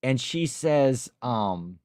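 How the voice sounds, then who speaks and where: A man's voice: medium pitch, lively intonation, extremely slow, a little mellow, no room sound, studio quality. Rambling man hosting a live chat. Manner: rambling, reads out viewer comments. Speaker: livestream host. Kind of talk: casual chat and storytelling.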